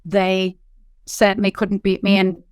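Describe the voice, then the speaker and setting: A Liverpool woman from England, speaking with a Liverpool accent, is a company founder appearing as an interview guest and talking candidly. Her medium-pitched voice is smooth and resonant, and she tells stories quickly and animatedly, filling them with "like" and "you know." The recording is close and dry, with no echo.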